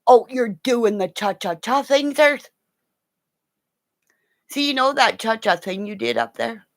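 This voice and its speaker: A middle-aged woman hosting a rambling, casual livestream chat, excitable, gasping and dropping into whispers. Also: on the high side, a little slow, long pauses, no echo, studio quality. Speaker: livestream host.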